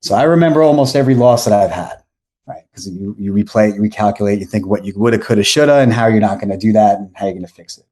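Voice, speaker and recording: A man's voice: fairly low pitch, quick pace. A man in his forties, a podcast guest, telling a long rambling story and often correcting himself. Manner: rambling, self-correcting, animated anecdotes. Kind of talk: casual storytelling.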